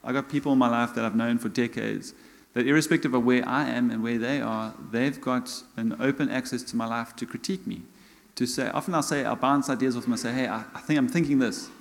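A man's voice: mid-range voice, steady tone, a little fast, gravelly. A middle-aged South African man preaching a sermon as a church elder, conversational and self-mocking in his humor. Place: church hall. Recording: long church hall reverb.

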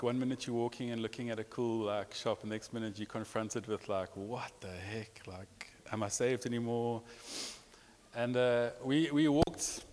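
Pastor in a reverberant hall. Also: male voice, medium pitch, a little mellow. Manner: storytelling with rising emotion and repetitions. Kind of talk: sermon. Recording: long reverb of a large hall.

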